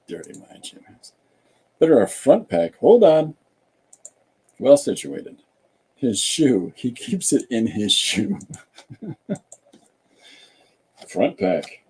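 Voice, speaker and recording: Man, podcast host, casual chat while drawing, husky, mellow, rambling and jokey. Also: on the low side. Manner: rambling, jokey, musing aloud.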